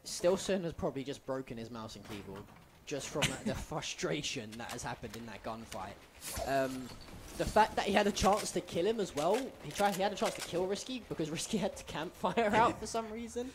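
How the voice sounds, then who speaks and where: A man's voice: on the high side, animated, a little fast, crowd noise. A man giving chatty, analytical color commentary on a live esports match, often laughing. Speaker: esports co-caster. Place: live event venue.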